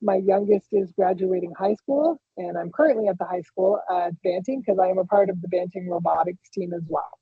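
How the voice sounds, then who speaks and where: Matter-of-fact female parent, husky, phone-line audio. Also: lowish voice, fairly quick, few pauses, no echo. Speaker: parent committee member. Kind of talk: virtual meeting introduction.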